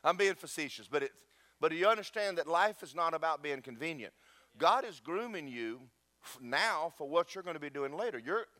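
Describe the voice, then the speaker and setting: Fairly quick and a little high, a pastor's voice comes through with no room sound. He preaches with animation, joking and storytelling directly to the congregation.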